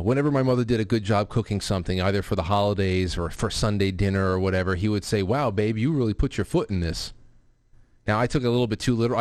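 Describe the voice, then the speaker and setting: A call-in show host with a fairly low, clear, resonant voice chats casually, rambling with frequent restarts and fillers. He is grieving his stepfather, and there's no echo in the audio.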